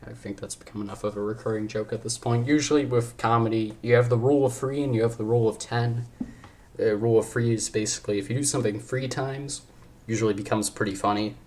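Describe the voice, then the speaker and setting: A man's voice: medium pitch, steady tone, quick pace, darkish tone. A young man hosting a podcast in casual chat, rambling and joking, often cutting himself off mid-sentence. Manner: rambling, jokey, self-interrupting. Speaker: podcast host.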